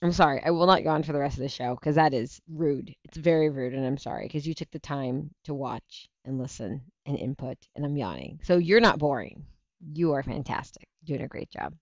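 A woman's voice: deep voice, animated, a little fast, dry recording. A woman in her thirties hosting a casual talk show livestream, chatty and rambling, tired and burnt out. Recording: dull lo-fi stream audio.

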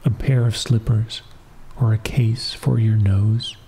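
A man voicing a lonely, weary old cobbler who talks slowly. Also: fairly low pitch, fairly even intonation, warm tone, slight background noise. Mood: gruff.

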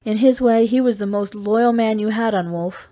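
A young woman in shock pleads in a high, strained voice that breaks on her words, as an audiobook reader puts her on. She sounds frail and desperate, her voice pushed upward. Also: normal speed, warm tone, natural voice. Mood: earnest.

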